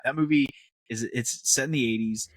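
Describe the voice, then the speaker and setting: A man's voice: medium pitch, normal speed, no room sound. Chatty laughing man, dry mic. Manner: animated, laughs often, acts out quotes. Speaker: podcast host. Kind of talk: casual chat.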